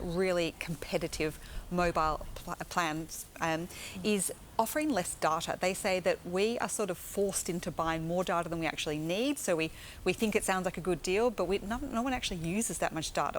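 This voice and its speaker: A woman's voice: lowish voice, slight background noise. Australian woman explaining finance news. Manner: brisk, explanatory, reassuring. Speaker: finance expert guest. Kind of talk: live TV news interview.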